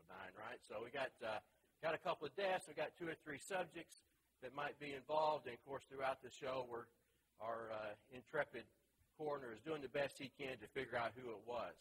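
A man's voice: medium pitch, fairly bright tone, slight background noise, poor audio. A man teaching a church Bible class in a chatty, storytelling way, full of asides and fillers. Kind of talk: casual teaching talk.

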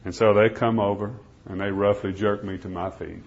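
Preacher swinging from loud to hushed. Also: male voice, lowish voice, little pitch movement, normal speed. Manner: swings from loud pleading to hushed near-whispers while telling a story. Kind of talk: sermon with dramatic storytelling. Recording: dull lo-fi recording.

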